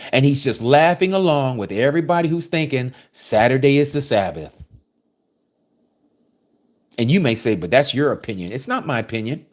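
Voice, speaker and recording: Male preacher, mid-pitched, lively and emphatic, scripture-study sermon. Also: normal speed. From United States. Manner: emphatic, preachy, reading verses aloud and commenting on them.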